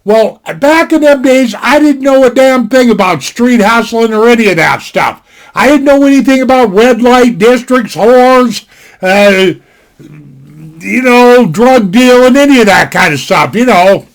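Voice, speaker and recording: Speaking a little slowly with lively intonation, this older Montanan spins a meandering, homespun story full of "you know" from his desk at home. His voice is very high, captured through a desktop microphone.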